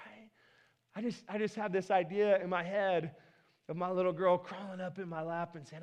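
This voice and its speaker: Man, pastor, high-pitched, casual sermon, repeats words, restarts often, church, worn mic. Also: steady tone, a little fast. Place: church sanctuary. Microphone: worn microphone.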